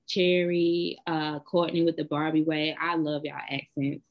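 Blunt Southern woman, lower voice. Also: flat delivery, unhurried, lo-fi sound. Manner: blunt, bold storytelling. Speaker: podcast co-host. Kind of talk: casual chat.

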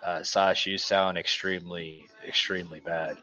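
A man's voice: low-pitched, flat delivery, moderate pace, pushed and bright, lo-fi sound. A man hosting a casual podcast chat in a studio, talking hesitantly with many fillers and restarts. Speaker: podcast host. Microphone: studio mic.

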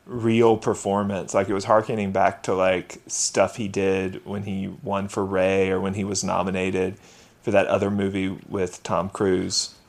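A man's voice: deep voice, monotone, measured pace, creaky. Chatty man, gossipy podcast guest. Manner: chatty, gossipy, full of fillers. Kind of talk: casual chat.

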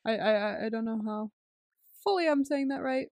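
A woman's voice: a little high, moderate pace, a little mellow, no echo. Chatty young woman, dry close sound. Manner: chatty, filler-heavy, laughs often. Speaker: podcast co-host. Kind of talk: casual movie recap chat.

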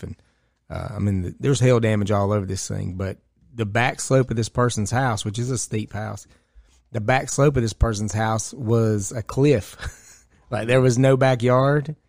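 A roofing contractor telling rowdy stories with swearing in a casual podcast chat. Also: male voice, on the low side, steady tone, normal speed, creaky, a little mellow, dry recording, clean studio sound. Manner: storytelling with laughs and cursing.

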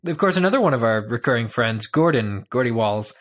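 A man's voice: medium pitch, animated, fast, a bit bright. A man co-hosting a podcast in casual chat, laid-back and chuckling often. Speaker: podcast co-host.

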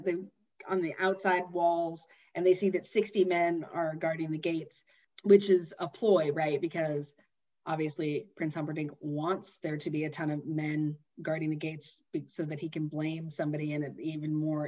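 A woman's voice: low voice, darkish tone, lo-fi sound. Chatty woman retelling a film. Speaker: podcast co-host. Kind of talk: casual movie recap chat.

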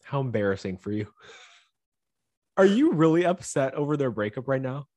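Male co-host, playful needling, very lively pitch, casual video-call chat. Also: normal speed, no room sound, studio quality. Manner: teasing, animated, argumentative. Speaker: podcast co-host.

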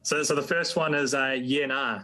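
A man's voice: mid-range voice, steady tone, normal speed, pushed and bright. A man hosting a sports radio show, chatting casually and teasing his guests in a jokey way. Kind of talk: casual radio chat and interviewing.

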